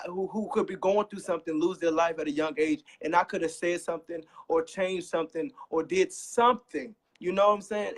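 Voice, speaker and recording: A young man tells a raw personal story, voice catching as he fights back tears. He speaks earnestly and repeats phrases to drive a point home. His voice sits a little high for a man. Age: young adult. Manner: earnest, repeats phrases, voice rising when emphatic. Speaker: guest sharing a personal story. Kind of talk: emotional personal testimony.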